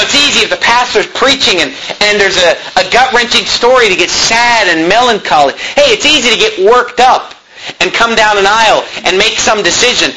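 Bright-voiced man preaching a sermon. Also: sits high, slight background noise, low-quality recording. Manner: earnest, direct, reads from old scripture. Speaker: pastor. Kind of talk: sermon with scripture reading.

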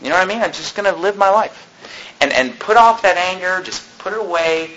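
A man's voice: sits high, brisk, pushed and bright, dull audio, slight background noise. A man preaching a sermon as pastor, venting with rising indignation and mixing scripture with personal stories.

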